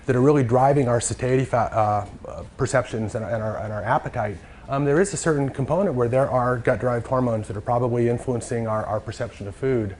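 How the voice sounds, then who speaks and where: A man giving a lecture from slides, halting and full of fillers and restarts. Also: medium pitch, darkish tone, a little hiss or hum.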